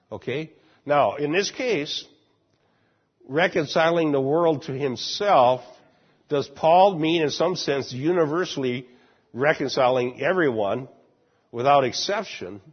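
A man's voice: mid-range voice, moderate pace, breathy edge. A man teaching a Bible study class, explaining a passage and asking the class questions along the way. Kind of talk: Bible class lecture and discussion. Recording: muffled lo-fi recording.

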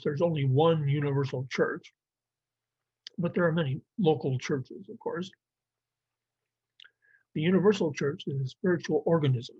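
A man's voice: on the high side, darkish tone, breathy edge, no room sound. A man teaching a Bible survey lesson, explaining plainly with some fillers and restarts. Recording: dry, muffled lo-fi recording.

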